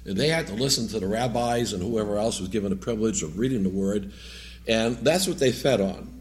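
A man's voice: fairly low pitch, brisk. New England man preaching casually. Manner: conversational and rambling, with joking asides. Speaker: lay preacher. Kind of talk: sermon with scripture reading.

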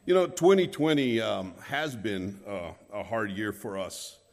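Halting preacher from New Mexico, lowish voice. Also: male voice, long reverb tail. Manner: halting, with many restarts and fillers, growing more forceful. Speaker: guest preacher. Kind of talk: sermon with prayer. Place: church.

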